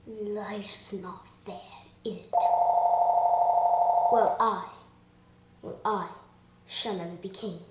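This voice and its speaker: A low, sneering male lion villain, put on by a woman, slow and drawn out, scheming and half-whispered. The voice echoes in a roomy space, and the lo-fi sound is dull. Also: fairly even intonation, very noisy. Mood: menacing. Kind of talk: fan voice audition.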